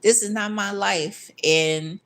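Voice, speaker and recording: A woman's voice: medium pitch, slow pace, fairly bright tone. A woman vlogger in a casual ranting monologue, blunt and profane, angry and repeating herself when she gets worked up.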